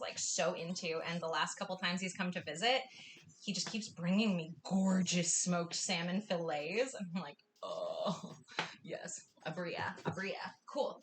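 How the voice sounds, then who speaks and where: Against a noisy background, a young woman from the US Northwest with a fairly low-pitched voice hosts a live cooking class. Bubbly and effusive, she chats with viewers and gushes often.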